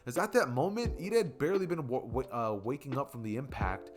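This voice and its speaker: Young guy rambling thru a made-up fan story, normal pitch, some faint music behind. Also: expressive, a little fast. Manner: casual and rambling, many fillers. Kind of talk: improvised fan story narration.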